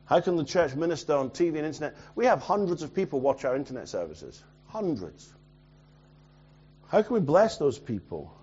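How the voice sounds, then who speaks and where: A man delivers a sermon in a slightly high voice, rising to loud, urgent exhortation and then dropping to quiet asides. The recording is muffled and lo-fi. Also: sing-song, a little fast, husky. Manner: swings from loud urgent preaching to quiet near-mutter. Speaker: pastor.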